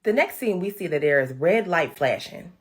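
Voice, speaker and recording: A woman's voice: fairly low pitch, animated, moderate pace. A woman hosting a comedic movie recap, telling the story in a sassy, slangy style.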